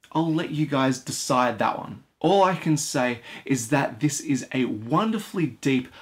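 A man hosting a board game channel, explaining rules and giving an enthusiastic, chatty review straight to the viewers. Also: on the high side.

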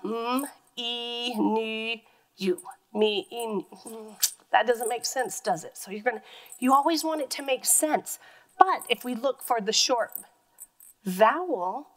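A woman's voice: a little high, low-quality recording. A woman teacher giving a phonics lesson to young children, patiently sounding words out letter by letter.

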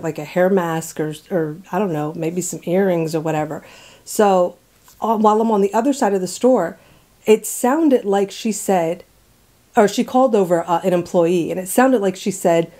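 A woman telling a personal story in a casual way. She laughs often and drops into hushed asides. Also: on the low side.

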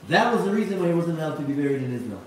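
A male rabbi lecturing live with a high, lively voice that swings up and down as he acts out the people he quotes. He keeps asking his listeners questions. The recording is very echoey and distant, with faint noise behind him. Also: rapid-fire. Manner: asks the audience rhetorical questions.

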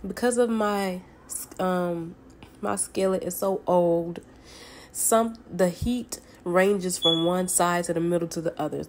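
A woman's voice: on the low side, a little hiss or hum. A woman from the Southern United States with a Southern accent, chatting casually as a home cook through a cooking tutorial in her kitchen, folksy and friendly with viewers. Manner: folksy and chatty, calls viewers honey and baby.

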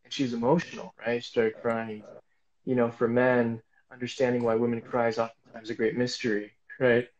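A man of middle pitch telling a personal faith story as a guest. He rambles, circles back and fills his sentences with "like" and "you know". The audio is slightly muffled and lo-fi. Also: little pitch movement, brisk, a little mellow. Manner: rambling storyteller with many fillers. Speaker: guest speaker. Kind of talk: casual faith testimony.

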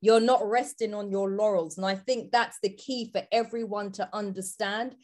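A woman's voice: medium pitch, fairly even intonation, normal speed, a little mellow. A woman on a live video call panel, speaking earnestly and articulately in praise of the guests. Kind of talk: heartfelt live discussion.

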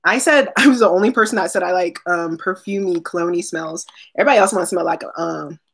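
Husky, chatty woman unboxing on a stream. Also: lowish voice, quick pace. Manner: chatty, talks to viewers by name, laughs often. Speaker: unboxing vlogger. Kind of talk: casual live-stream chat.

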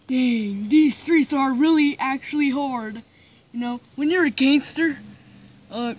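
A woman playfully narrating and improvising a story while playing a game. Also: high voice.

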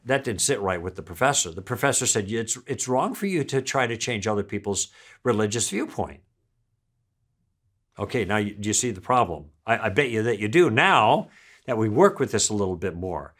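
A middle-aged man giving a recorded church teaching, telling stories and acting out both sides of a conversation. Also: mid-range voice. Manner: animated storytelling, acting out dialogue.

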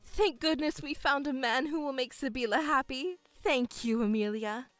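A woman's voice: high-pitched, normal speed, a bit bright, no room sound, soft background music. A woman voicing a scheming middle-aged mother who dotes on one daughter and mocks the other, speaking in a condescending, gloating way. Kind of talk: voiced story narration.

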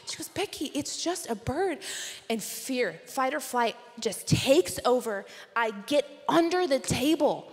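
A woman preaching at a conference, telling a funny story with lively, animated delivery. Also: high-pitched, measured pace, husky, big-room sound. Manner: animated, comic storytelling with laughs. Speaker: conference speaker. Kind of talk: storytelling sermon. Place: conference hall.

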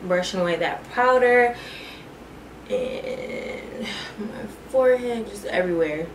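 Her medium-pitched voice is animated but slow as this young beauty vlogger casually talks through her makeup tutorial. She calls her viewers "y'all" and "girl." The recording is echoey with faint noise.

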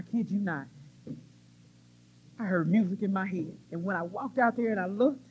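A middle-aged woman from the US Midwest giving an animated, laughing personal testimony at a recovery conference. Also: medium pitch, normal speed, long pauses, slight background noise. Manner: animated, laughing, exclamatory storyteller. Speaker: recovery meeting speaker. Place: conference hall stage. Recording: muffled cassette tape transfer.

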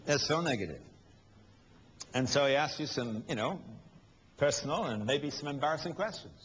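A man's voice: mid-range voice, expressive, moderate pace, pauses often, a bit bright, slight background noise. A man preaching a sermon with emphasis, asking rhetorical questions and acting out quotes with humor. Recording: dull lo-fi recording with long hall reverb.

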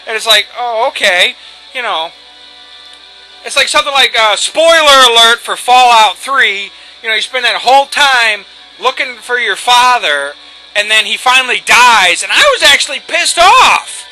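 High, very bright-voiced man ranting. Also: lively intonation, normal speed, rough recording. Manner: rambling, profane, ranting asides. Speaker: let's play host. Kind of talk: casual gameplay commentary. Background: faint video game music.

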